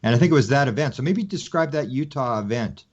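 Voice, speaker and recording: Radio host with loose, wandering questions. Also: male voice, medium pitch, animated, fast, breathy edge. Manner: prompting, loosely phrased questions. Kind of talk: interview questions. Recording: dull lo-fi radio audio.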